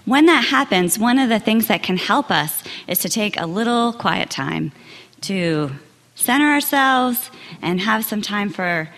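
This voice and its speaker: A woman minister gently leading a quiet reflection and prayer in a worship hall. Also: medium pitch, expressive, measured pace. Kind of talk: sermon and meditation. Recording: long hall reverb.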